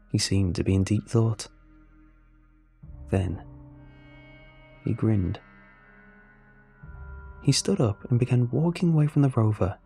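A man narrating a first-person science fiction story in a steady, even manner. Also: lowish voice, breathy edge. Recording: faint music underneath.

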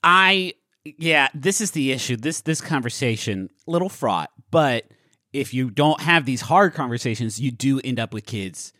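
A man in his thirties adds deadpan, mock-serious remarks on a comedy podcast. His pitch moves a lot, and the sound is close and dry. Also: a little slow, dry recording. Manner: mock-serious, deadpan asides that drift quiet. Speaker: podcast co-host. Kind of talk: casual comedic chat.

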